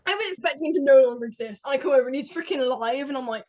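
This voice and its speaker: A woman telling stories in an excitable, rambling way on a podcast, with many restarts. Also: sits high, rapid-fire. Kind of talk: casual chat, rambling storytelling. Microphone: podcast mic.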